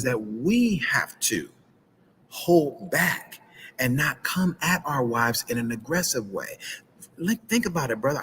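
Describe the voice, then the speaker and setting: A man coaching couples in a lively, preacher-like way on a live stream, speaking into a phone outdoors by a pool. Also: on the high side, slight background noise, low-quality recording. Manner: animated preacher-like delivery with church phrasing. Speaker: relationship coach. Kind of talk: live-streamed advice talk.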